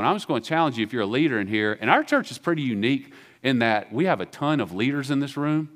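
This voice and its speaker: A man with a Southern American accent preaching a sermon as pastor, acting out biblical dialogue in a casual, animated way. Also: medium pitch, quick pace, hardly any pauses.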